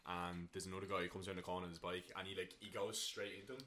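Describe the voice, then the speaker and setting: A young Irish man, a guest in a casual chat among friends, talking in an animated way as he tells stories. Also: low voice, rapid-fire, a little hiss or hum. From Ireland. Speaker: podcast guest.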